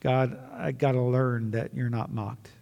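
A man's voice: medium pitch, flat delivery, unhurried, vocal fry, dark tone, lo-fi sound. Earnest preacher man in a reverberant church. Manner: earnest, repetitive preaching with restarts. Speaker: pastor. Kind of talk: sermon and closing prayer. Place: church sanctuary.

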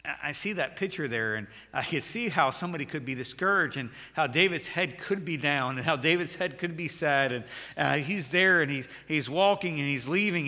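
A pastor preaching a sermon, earnest and building to emphatic, raised passages with repeated words. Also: male voice, a little high, sharp tone. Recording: long hall reverb.

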